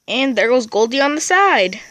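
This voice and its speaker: A woman's voice: sits high, big pitch swings, normal speed, fairly bright tone. A woman casually narrating a home video of her cats and chatting to them.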